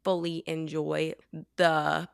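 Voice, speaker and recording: A woman co-hosting a podcast, giving her opinion in a tentative, halting way. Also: sits low, flat delivery, gravelly, smooth, no room sound, studio quality. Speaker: podcast co-host. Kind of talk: casual chat.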